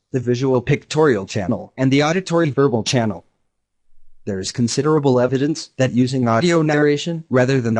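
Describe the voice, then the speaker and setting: Computer-made guy voice reading an e-learning lesson, steady and explaining. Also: medium pitch. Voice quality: even synthetic delivery. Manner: measured and explanatory. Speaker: text-to-speech narrator. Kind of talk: scripted narration.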